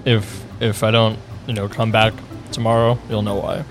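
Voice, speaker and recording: A man's voice: fairly low pitch, little pitch movement, moderate pace, faint music behind. A young man co-hosting a podcast, defensive and exasperated in casual banter. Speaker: podcast co-host.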